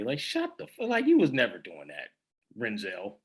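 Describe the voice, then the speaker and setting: A man with a middle-pitched voice that still rises and falls a lot, talking in casual podcast banter. His tone is dry and scoffing, and his speech carries phrasing. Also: huge pitch swings, moderate pace. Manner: dry, scoffing banter that calls out tall tales. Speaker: podcast co-host. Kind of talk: casual chat.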